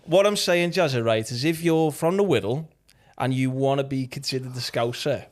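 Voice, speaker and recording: A man's voice: mid-range voice, moderate pace. A man with a Liverpool accent hosting a podcast, chatting casually and laughing between lines. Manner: jokey, laughing as he talks. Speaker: podcast host.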